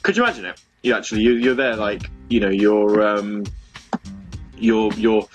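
A man's voice: on the low side, moderate pace, muffled recording, soft background music. A young man hosting a casual online radio show from home, chatting with listeners in a rambling, self-mocking way full of fillers and restarts. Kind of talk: casual chat with listeners between songs. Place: home room.

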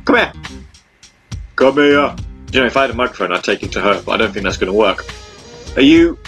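A man's voice: fairly low pitch, lively intonation, brisk, a bit bright, soft background music. A man hosting a radio show from home, chatting casually and rambling with lots of fillers.

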